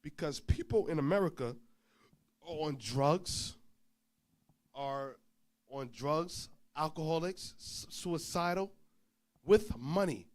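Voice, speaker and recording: Male preacher, higher voice, lively storyteller who acts out the dialogue himself, informal sermon. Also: slow pace, pauses often. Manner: animated storyteller, acts out dialogue, swings loud and soft.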